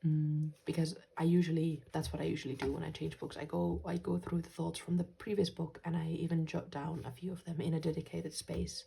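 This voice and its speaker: A woman from Finland hosting a journaling vlog, talking softly and gently in a casual way and dropping into quiet whispers. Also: low-pitched, flat delivery, fairly quick, creaky, hardly any pauses, slightly rough. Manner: soft-spoken, gentle, slips into quiet whispers. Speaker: journaling channel host.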